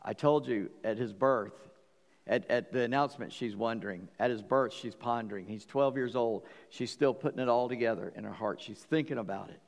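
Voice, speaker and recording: A middle-aged man preaching a sermon, telling stories with joking asides and swinging between loud and quiet. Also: medium pitch, fairly quick, creaky. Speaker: pastor. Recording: long hall reverb.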